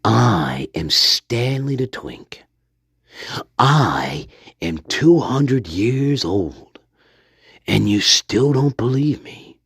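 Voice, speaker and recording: A man voicing a boastful two-hundred-year-old male spirit in a low, breathy whisper. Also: very animated, extremely slow, a bit bright, no room sound, studio quality, exaggerated voice.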